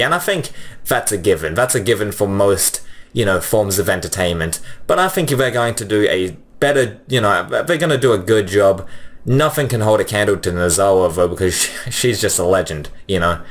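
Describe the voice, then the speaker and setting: A man's voice: on the low side, a bit bright. A man giving casual opinion commentary, rambling and leaning on fillers like "you know" and "like".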